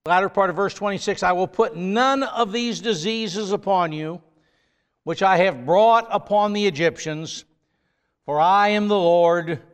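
A man's voice: sits high, clean tone, in a large hall. A man preaching a sermon, leaning hard on key words and drawing them out for emphasis.

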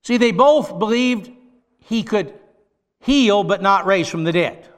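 A man's voice: high voice, lively intonation, unhurried. A man preaching a sermon, reading scripture aloud and breaking in with emphatic, conversational asides. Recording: long reverb, large hall.

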